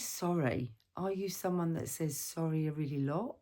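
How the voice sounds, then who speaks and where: A woman counsellor giving a gentle, reflective self-help talk and asking the viewer questions. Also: low-pitched, normal speed.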